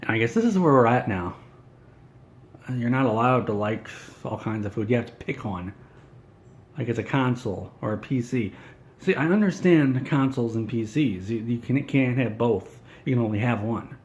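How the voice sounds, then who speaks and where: A man's voice: mid-range voice, expressive, moderate pace. A man doing an in-character comedy monologue, ranting in an indignant, whiny, self-important way.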